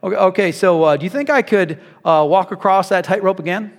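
A man's voice: high-pitched, fairly quick. A man voicing a confident male tightrope walker who talks in an easygoing, coaxing way, in a sermon story.

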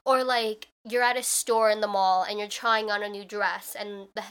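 A woman's voice: medium pitch, fairly even intonation, normal speed, hardly any pauses, a bit bright, smooth. A young woman hosting her own podcast, talking in a chatty, reflective way with lots of fillers. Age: young adult. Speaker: podcast host. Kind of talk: casual solo podcast talk.

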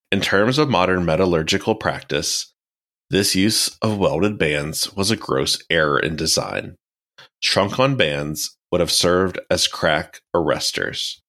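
A man with a very low voice reads historical quotes aloud on a casual history podcast. His delivery is slow and measured, and he sounds a bit distant from the mic. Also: a bit bright. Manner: slow, measured when reading quotes; quick reactions and laughs. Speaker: podcast co-host.

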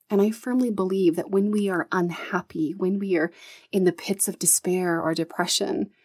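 Breathy, earnest woman podcaster. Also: medium pitch, mellow. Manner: earnest and encouraging, with casual swearing. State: emotional. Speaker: podcast host. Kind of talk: solo motivational podcast talk.

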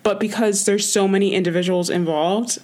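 A woman's voice: mid-range voice, fairly even intonation, brisk, darkish tone. A woman co-hosting a podcast in casual chat, supportive, mostly giving short agreeing replies. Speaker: podcast co-host.

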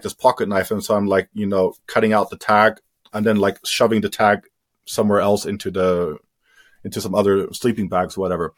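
A man telling his story as an interview guest, candid and casual, swearing freely and often trailing into fillers. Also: fairly low pitch.

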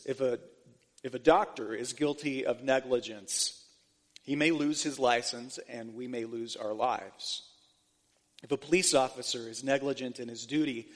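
A man's voice: medium pitch, a bit bright. A man preaching a sermon earnestly, often restarting phrases as he explains scripture. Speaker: pastor. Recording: long hall reverb.

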